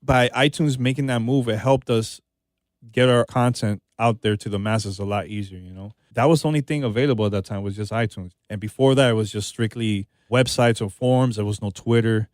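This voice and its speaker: A man's voice: fairly low pitch, brisk, darkish tone, no echo, clean studio sound. A man guest on a podcast interview, talking in a laid-back, conversational way and often saying "man" and "you know". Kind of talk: casual interview chat.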